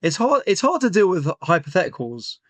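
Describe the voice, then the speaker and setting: A young man tells a story in loose, animated chat, full of fillers and restarts. His voice sits a bit high for a man. The sound is dry and close. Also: brisk, no echo. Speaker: comedian guest. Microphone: remote call.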